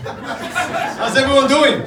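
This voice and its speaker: In a comedy club, a Djiboutian man does a casual, profane stand-up routine of self-deprecating stories while the audience laughs. His voice is extremely high-pitched, animated and slow, heard from afar in an echoey space with a crowd and loud ambience behind him.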